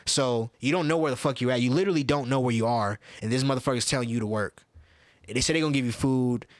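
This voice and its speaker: A man in casual podcast chat, talking loosely and cursing freely, with plenty of swings in his voice. His pitch sits mid-range for a man. The sound is close and dry, with no room echo. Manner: loose, profane, animated storytelling with quick voice shifts. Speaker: podcast co-host.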